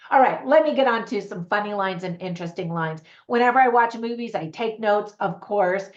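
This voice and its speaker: An American woman chatting casually as a movie reviewer, upbeat and talking straight to her viewers. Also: medium pitch. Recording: roomy echo, slightly dull sound.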